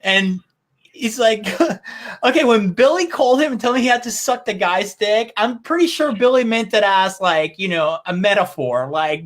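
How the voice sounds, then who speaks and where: A man's voice: high-pitched, normal speed, fairly bright tone. Male co-host, casual and profane, filler-heavy chat. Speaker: podcast co-host.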